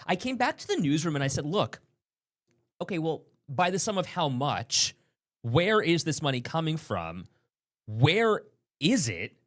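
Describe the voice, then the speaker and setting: A woman's voice: low-pitched, very animated, measured pace. Chatty woman co-hosting a morning show. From downstate New York. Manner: chatty, laughs often, reads viewer comments aloud. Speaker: TV news co-host and reporter. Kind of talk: casual morning show chat.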